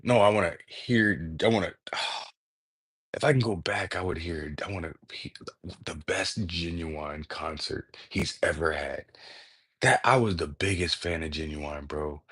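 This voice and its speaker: Male streamer, lower register, casual and excitable, swears freely, rambles and trails off. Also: husky. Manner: excitable, profane, slangy, peppers speech with "bro"; jumps between thoughts, trails off mid-word. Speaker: livestream host. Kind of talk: casual rambling livestream talk.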